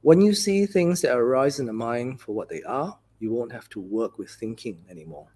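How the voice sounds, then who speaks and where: A male Buddhist teacher delivers a dharma talk in a soft, breathy, slightly husky voice pitched mid-range for a man. He speaks at a normal speed with lively intonation, gently telling stories in a conversational way, full of easy fillers and many "you know"s.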